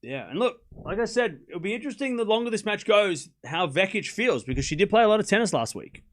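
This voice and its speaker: A man's voice: high-pitched, big pitch swings, a little fast, a bit bright. A young man hosting a live tennis watchalong, calling points and chatting casually with viewers. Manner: casual, chatty, answers chat questions between points. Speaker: host.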